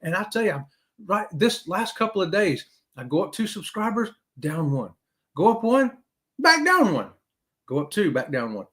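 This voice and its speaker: A middle-aged man, hosting a casual live-stream chat and talking straight to his viewers. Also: normal speed. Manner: animated, talks straight to viewers with "y'all", swoops high for emphasis. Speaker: host of a live cruise chat show.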